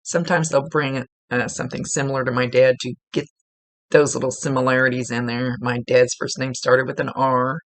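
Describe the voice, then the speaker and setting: A woman's voice: extremely low pitch, level tone, normal speed, no echo. A woman working as a psychic medium, giving a casual, rambling reading and often correcting herself mid-sentence. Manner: chatty, rambling, self-correcting.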